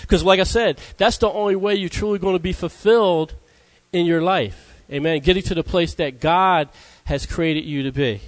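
High-voiced man preaching conversationally. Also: moderate pace. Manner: conversational, calls out Amen to the congregation. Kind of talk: sermon.

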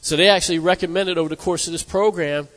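A man's voice: sits high, steady tone, fast, a bit bright. A man preaching a sermon in a slightly raised voice, pressing his points hard and checking in with the congregation. His voice carries a long reverb, as in a large hall. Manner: emphatic, asks the congregation "amen?".

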